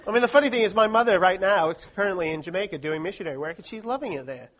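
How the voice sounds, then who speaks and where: Guy with a pretty high voice giving a jokey talk to a crowd, lots of self-deprecating asides. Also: rapid-fire, a bit bright. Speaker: guest speaker at a Christian study week. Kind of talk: humorous talk to a live audience.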